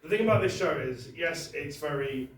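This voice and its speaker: Male comic, slightly high voice, stammering casual delivery, miked from a distance in a very echoey venue. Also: expressive, normal speed. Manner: conversational and self-deprecating, frequent stammered restarts. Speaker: stand-up comedian. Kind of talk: stand-up set. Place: comedy venue with audience. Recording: very echoey room, voice from afar.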